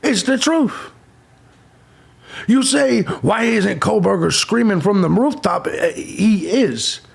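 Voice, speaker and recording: Brief: man, true crime commentator, very gravelly and husky, abrasive rants. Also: high-pitched, expressive, slow pace. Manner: abrasive, insulting, sarcastic. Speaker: true crime channel host. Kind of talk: profane ranting commentary.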